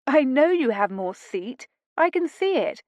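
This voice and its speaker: A woman narrator voicing a spirited young noblewoman who teases her husband in brisk, tart lines. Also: high-pitched, big pitch swings, darkish tone, no room sound, voice pushed up. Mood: teasing. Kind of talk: audiobook dialogue reading.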